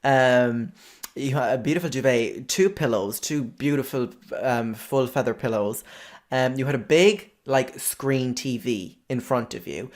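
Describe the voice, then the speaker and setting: Man telling a sweary comic story. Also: medium pitch. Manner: exaggerated, sweary and animated. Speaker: podcast host.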